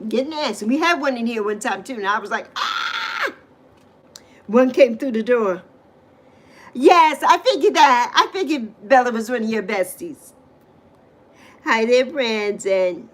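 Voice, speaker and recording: A middle-aged woman chats on a casual livestream in a fairly high voice. She talks animatedly, bursting into emphatic exclamations as she reacts to her viewers' comments. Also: lively intonation, moderate pace. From U.S. Virgin Islands. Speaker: livestream host.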